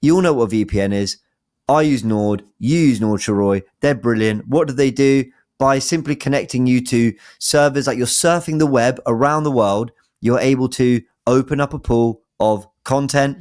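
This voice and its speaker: A man's voice: mid-range voice, moderate pace, a little mellow, dry recording, clean studio sound. Upbeat man co-hosting a podcast. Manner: upbeat, chatty, hesitant restarts. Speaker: podcast co-host. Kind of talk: casual football podcast chat.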